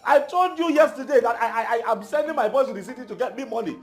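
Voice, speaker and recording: Joven nigeriano acusado e indignado. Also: male voice, sits high, big pitch swings, slow, roomy sound, faint music behind, heavily acted. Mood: indignant. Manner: pleading and indignant. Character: young village man accused of killing the king.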